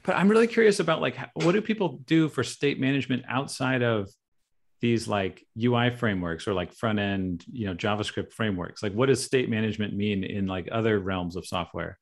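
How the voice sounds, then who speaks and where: A man's voice: lowish voice, fairly quick, vocal fry. A man chatting casually on a video call, curious and thinking aloud with restarts. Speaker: community meeting participant.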